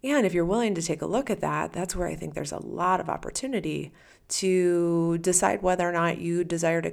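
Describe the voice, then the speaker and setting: A woman's voice: lowish voice, gravelly. A woman hosting a solo podcast as a coach, talking casually and animatedly, acting out the listener's inner voice.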